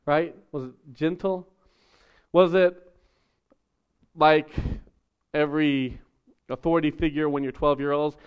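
A man preaching a casual, story-driven sermon with a smooth, resonant voice that sits a bit high for a man. The recording is dull and lo-fi. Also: unhurried, long pauses. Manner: conversational, animated storytelling with acted voices. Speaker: pastor.

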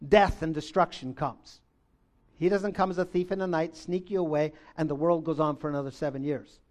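A man preaching a sermon, reading scripture aloud and swinging between loud exclamations and low, intense stretches. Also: fairly quick.

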